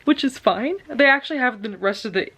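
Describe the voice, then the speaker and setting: A woman's voice: fairly high pitch, expressive, fairly quick, a bit bright, breathy edge. A woman, chatting casually to camera as a book vlogger, with lots of "like" fillers. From Texas. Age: early 20s. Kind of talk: casual vlog chat.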